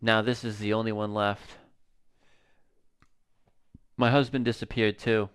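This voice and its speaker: A man reading the lines of an exhausted middle-aged mother from a game, in a weary, flat manner. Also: lowish voice, a little slow, clear, resonant tone, close to an everyday voice. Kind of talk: reading game dialogue aloud.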